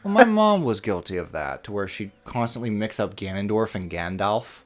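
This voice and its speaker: A man's voice: on the low side, very animated, normal speed. A man co-hosting a game playthrough, telling stories casually, swearing freely and slipping into funny voices. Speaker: co-host of a gameplay series. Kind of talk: casual chat over gameplay.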